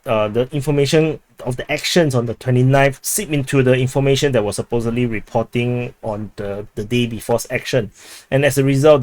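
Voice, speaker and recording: A man's voice: mid-range voice, a little mellow, no echo. A man giving an unscripted war update, hesitant and wry, full of fillers and restarts. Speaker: military news commentator.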